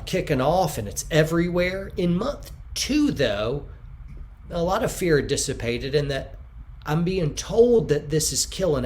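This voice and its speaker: A man in an interview who answers at length and acts out the quotes he tells, sometimes bursting out loudly. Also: a little high. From United States. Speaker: podcast guest.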